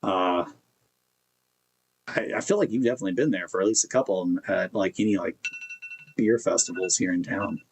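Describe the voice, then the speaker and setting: A man's voice: sits low, a little fast, vocal fry, pauses often, slight background noise, rough recording. A man streaming a casual hangout, telling a rambling, self-mocking story about himself. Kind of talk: casual chat.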